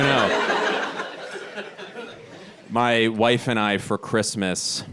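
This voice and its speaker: A man in his thirties from Philadelphia doing a stand-up comedy set on stage, animated and often leaping into shrieking high voices for his bits. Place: theater stage before a live audience. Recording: live show with loud audience noise.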